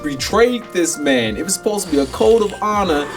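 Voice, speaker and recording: A man co-hosting a casual podcast, telling stories in a lively, profane way and often groping for names. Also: high-pitched, brisk, faint music behind. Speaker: podcast co-host. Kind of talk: casual chat.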